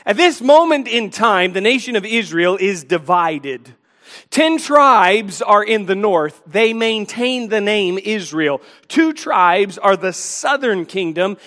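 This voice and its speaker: A man's voice: high voice, animated, measured pace, a bit bright. A man preaching a sermon, emphatic as he quotes and explains scripture, with a sarcastic edge. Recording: long hall reverb.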